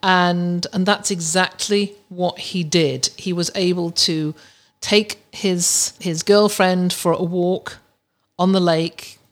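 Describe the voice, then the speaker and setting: A woman's voice: fairly low pitch, fairly even intonation, slow. A woman hosting a podcast, giving casual advice in a chatty way with many restarts and fillers. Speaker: podcast host.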